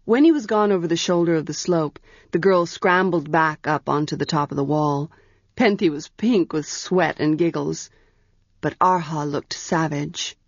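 A woman narrating a storybook aloud in a measured, even way. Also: low-pitched, dry recording. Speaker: audiobook narrator. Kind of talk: scripted narration. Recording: dull, dry audiobook recording.

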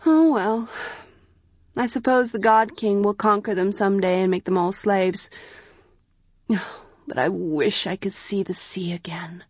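A woman's voice: medium pitch, unhurried, pauses often, darkish tone, no echo, muffled recording, close to an everyday voice. A woman reading a storybook, voicing a chatty, easygoing young girl who talks eagerly and tells stories.

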